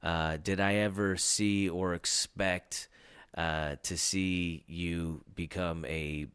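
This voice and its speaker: Deep-voiced laid-back podcast host. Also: male voice, steady tone, slow, fairly bright tone, smooth, no echo. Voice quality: rambling, lots of fillers and restarts. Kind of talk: casual podcast chat.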